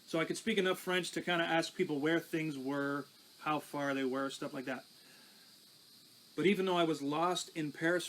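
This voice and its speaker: A man's voice: on the high side, fairly bright tone, slight background noise, poor audio. A pastor telling his life testimony in a conversational, storytelling way. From Canada. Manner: conversational, recounting with small restarts.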